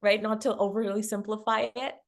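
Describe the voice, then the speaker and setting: A woman love coach telling a personal story in a relaxed conversation, laughing often and acting out what people said. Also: medium pitch, a little fast. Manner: animated, laughs often, acts out quotes.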